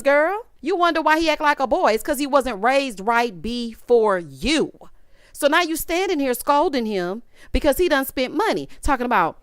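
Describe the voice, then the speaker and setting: Sassy woman dishing on reality tv, smooth clear voice, dry close sound. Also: sits high, very animated, normal speed, no room sound. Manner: sassy, exasperated, quotes people in voices. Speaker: reality TV recap host. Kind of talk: casual commentary recap.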